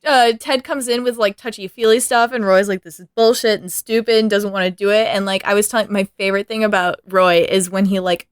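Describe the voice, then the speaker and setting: A woman co-hosting a casual podcast chat. Her voice sits in a middle pitch and sounds close and dry, with no room echo. She is animated and breaks into laughter often. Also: a little fast, few pauses, clear, resonant tone. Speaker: podcast co-host.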